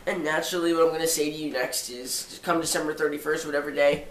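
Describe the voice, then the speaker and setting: A man's voice: on the high side, little pitch movement, fast, echoey room, far from the mic, a little hiss or hum. A seventeen-year-old boy with a stuffy nose, vlogging casually at home, rambling with jokey self-mocking asides. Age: 17, teenager. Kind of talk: casual holiday vlog. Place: living room by a tall Christmas tree.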